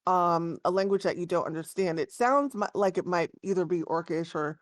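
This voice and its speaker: Low-voiced woman running a tabletop game. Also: moderate pace, no room sound, studio quality. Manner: casual, relaxed, many fillers. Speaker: game master.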